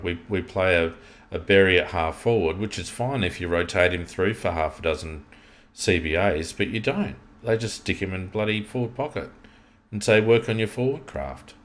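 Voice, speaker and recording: An Australian man co-hosts a football podcast, chatting casually in an opinionated, rambling way that often restarts. His voice sits low and sounds a bit bright.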